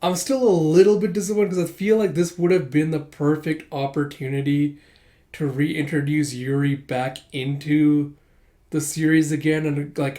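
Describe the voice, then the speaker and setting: A man's voice: fairly high pitch, warm tone. A man giving a casual, rambling commentary on a manga chapter, thinking aloud with fillers.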